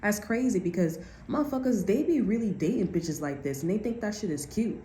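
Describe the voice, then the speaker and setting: A woman's voice: medium pitch, animated, fairly quick, warm tone, roomy sound, a little hiss or hum. A woman giving a casual tarot reading, blunt and profane, often slipping into other people's voices. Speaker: tarot card reader.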